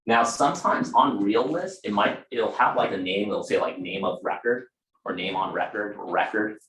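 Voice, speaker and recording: Low-voiced man teaching in an echoey room. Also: moderate pace, a bit bright, a little hiss or hum. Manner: conversational, fillers and asides to the room. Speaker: real estate trainer. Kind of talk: casual training talk.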